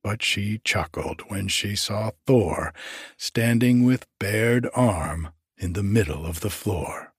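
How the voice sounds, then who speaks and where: Very slow, husky male storyteller. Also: lowish voice, dry recording, clean studio sound. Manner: slow, measured, even reading. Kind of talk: storybook narration.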